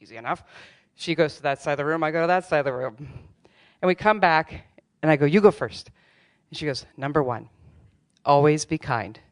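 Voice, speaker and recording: A woman's voice: low-pitched, brisk. A middle-aged woman telling a true personal story on stage, candid and wry, with self-deprecating humor. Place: theater stage before a live audience.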